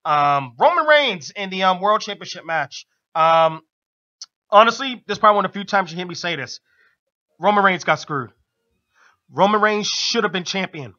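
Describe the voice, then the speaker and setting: A man's voice: high-pitched, lively intonation, normal speed, sharp tone, highs cut off. A man co-hosting a radio talk show, recapping wrestling in a casual, enthusiastic way and laughing often. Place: radio studio.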